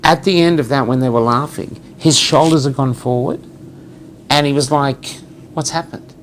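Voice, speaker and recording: A man's voice: mid-range voice, normal speed, slight background noise. A middle-aged man co-hosting a casual chat, telling stories and acting out what people said. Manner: animated storyteller, acts out quotes. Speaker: co-host.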